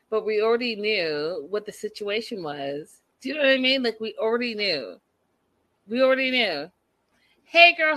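A woman's voice: mid-range voice, a bit bright, no room sound. A woman chatting casually and sassily to her viewers as she recaps a reality show episode. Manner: chatty, sassy, talks to viewers.

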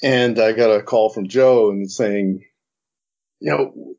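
A man's voice: fairly low pitch, fairly even intonation, slow, a little mellow. A middle-aged man, an animation director, telling an interview anecdote and acting out both sides of old conversations. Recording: dull lo-fi recording.

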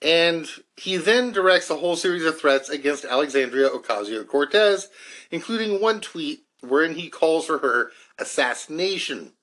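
A man's voice: on the high side, animated, normal speed, a bit bright. Man explaining a court case. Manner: reads from court documents with frequent restarts and fillers. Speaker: podcast host. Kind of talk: explanatory legal commentary.

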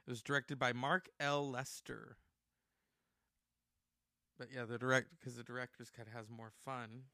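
A man hosting a casual talk show, animated and outspoken, swearing freely. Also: medium pitch, unhurried, no room sound. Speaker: host.

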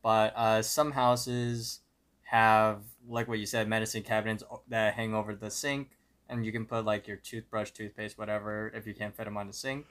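A man's voice: fairly low pitch, flat delivery, moderate pace, a bit bright. A young man co-hosting a podcast, easygoing, often trailing off and correcting himself. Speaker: podcast co-host. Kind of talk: casual chat.

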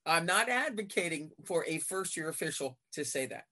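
Animated woman referee telling court stories. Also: deep voice, normal speed. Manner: animated storyteller acting out court exchanges. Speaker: basketball referee, podcast guest. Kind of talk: casual interview chat.

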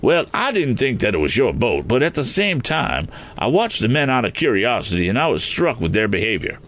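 Guy reading aloud as a fussy excitable old-fashioned gent, rambly, voice jumps around a lot. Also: mid-range voice, fairly quick. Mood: rambling. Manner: flustered, rambling, keeps exclaiming oaths. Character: fussy excitable eccentric gentleman motorist.

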